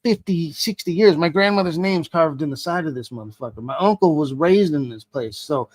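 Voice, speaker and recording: A man's voice: on the high side, brisk, no room sound. A man, a guest on an interview show, telling a story with constant swearing and acting out the dialogue. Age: adult. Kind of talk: casual storytelling.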